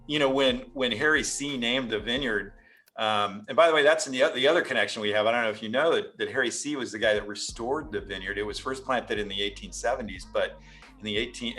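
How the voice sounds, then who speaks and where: Winery guy on a video call, lowish voice, rambly and jokey, keeps restarting. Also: fairly bright tone. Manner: rambling, joking, many restarts. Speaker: winery representative. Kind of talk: casual storytelling at a virtual tasting.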